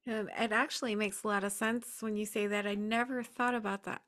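A woman's voice: mid-range voice, fairly even intonation, fairly quick, a bit bright. A woman hosting an interview, responding attentively and asking questions in a friendly, casual way. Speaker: interviewer host.

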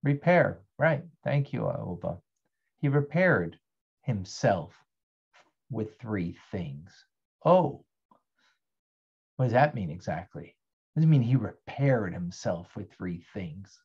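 A man's voice: lowish voice, lively intonation, takes it slowly, gravelly, long pauses, slightly rough, highs cut off. A man teaching an interactive online Torah class as a rabbi. He asks his students questions and thanks them by name.

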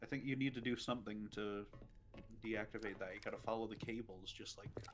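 A man's voice: fairly low pitch, steady tone, fast talker. Laid-back male co-host with background noise. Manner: laid-back, knowledgeable, chuckling. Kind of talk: casual gaming livestream chat.

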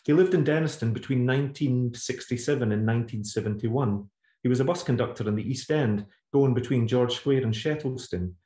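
A man's voice: medium pitch, a little fast, warm tone, pitched above the performer's own voice, close to an everyday voice. A man voicing an anxious young boy who speaks with stiff, over-formal politeness, in a roomy recording. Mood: nervous politeness. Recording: roomy echo.

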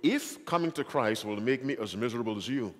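A man's voice: mid-range voice, lively intonation, fairly quick, in a large hall. A man preaching a sermon in an emphatic way, often asking the audience questions. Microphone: handheld or stand microphone.

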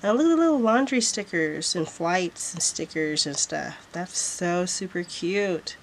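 Slow-talking, gushing woman vlogger. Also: lowish voice, lively intonation, a little hiss or hum. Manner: gushing, repeats "so freaking cute". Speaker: planner vlogger. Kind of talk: casual product haul.

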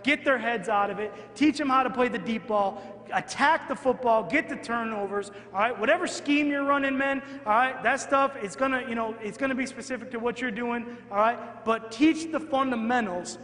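High-pitched guy running a football clinic talk, lively, keeps asking the crowd "all right?", big echoey hall. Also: normal speed. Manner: energetic, animated, keeps checking in with the audience. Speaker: football coach presenting at a clinic. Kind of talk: coaching clinic talk over game film. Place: large hall in front of an audience. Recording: echoey hall with long reverb.

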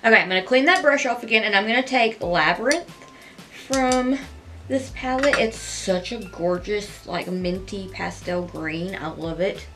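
A woman narrates her makeup tutorial at home in a casual, chatty way, gushing over every shade while she talks through each step. Her voice sits in a middle pitch for a woman. Faint music plays softly underneath. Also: a little slow.

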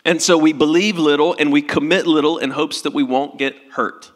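A man's voice: fairly high pitch, steady tone, a little fast, big-room sound. A male pastor preaching a sermon in an earnest, tender way, in a church sanctuary.

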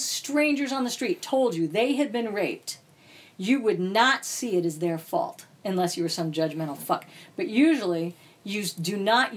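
A woman author as a podcast guest, speaking bluntly and profanely about painful experiences. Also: mid-range voice. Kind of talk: candid podcast interview.

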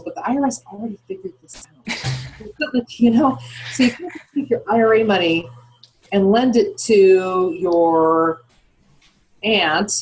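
A woman's voice: medium pitch, slightly rough, poor audio. A woman guest on a podcast interview, explaining things in a chatty way and posing questions to herself as she goes. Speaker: guest, founder of retirement account custodian.

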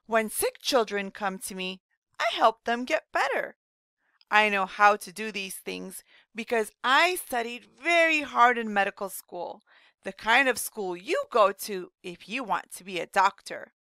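Woman doing a cheerful rhyming kids' doctor, slow gentle explaining, bright tone, dry close sound. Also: fairly high pitch, clear, resonant tone, no room sound, heavily acted. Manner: slow, gentle teacherly explaining to young children. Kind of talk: scripted read-aloud lesson.

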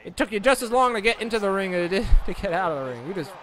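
A young man commentating his own wrestling video game playthrough, excitable, swearing and yelling at the screen. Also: sits high, very fast. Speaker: gaming commentator. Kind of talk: let's play commentary. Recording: game music behind the voice.

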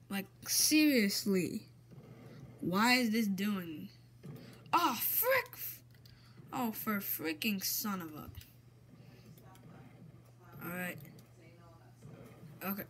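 A woman commentating her own gameplay, excitable and exasperated, swapping in mild minced oaths. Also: mid-range voice, a little hiss or hum. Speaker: gamer.

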